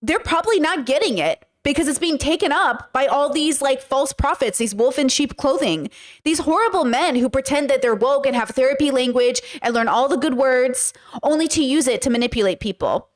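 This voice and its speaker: A woman's voice: high voice, expressive, fairly quick. A woman from the Bronx, hosting a podcast and reacting in heated, slangy commentary. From the Bronx, New York. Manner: heated, exasperated, slangy, calls listeners bros and girl. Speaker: podcast host.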